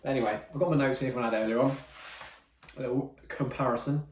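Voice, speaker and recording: A man's voice: medium pitch, fairly even intonation, fast talker, slight background noise. A man chatting casually through tasting notes as a whisky reviewer, rambling and correcting himself as he goes. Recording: roomy, mic at some distance.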